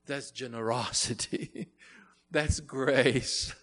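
A man's voice: medium pitch, expressive, a little slow, creaky, in a large hall. A man preaching a sermon in an earnest way, repeating phrases and rising to emphatic bursts.

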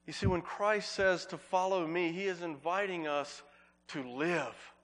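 A man preaching a sermon as pastor, earnest, repeating words for emphasis and slowing on key phrases. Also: high voice, fairly bright tone.

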